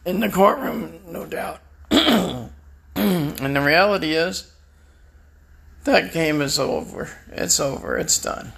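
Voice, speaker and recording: A man's voice: a little high, expressive, takes it slowly, gravelly, pauses often, a bit bright, slightly rough. A man delivering a bitter, defiant personal rant, swearing and taunting his enemies. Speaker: vlogger. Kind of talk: angry personal rant to camera.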